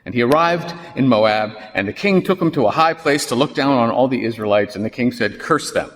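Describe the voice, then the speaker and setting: A man preaching a sermon in a church, telling a story with wry, animated asides. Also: medium pitch, a little fast, a little hiss or hum. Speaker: pastor. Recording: long reverb of a church hall.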